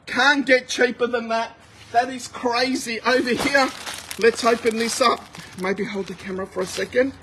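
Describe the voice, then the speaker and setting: High-voiced man calling out bargain prices. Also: steady tone. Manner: rapid price-calling, chatty with viewers. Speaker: livestream sale host. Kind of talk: live shopping stream. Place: outdoors at a warehouse sale. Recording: noisy outdoor phone recording with wind.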